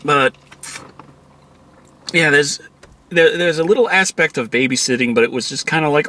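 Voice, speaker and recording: A man's voice: a little high, moderate pace, pauses often, sharp tone. A man giving a casual, profane movie review, exasperated and acting out quotes from the film.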